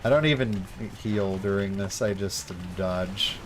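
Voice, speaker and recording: A man's voice: fairly low pitch, a little slow, background noise. A young man streaming a game, chatting casually in a laid-back, rambling way full of slang. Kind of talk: casual gameplay chat.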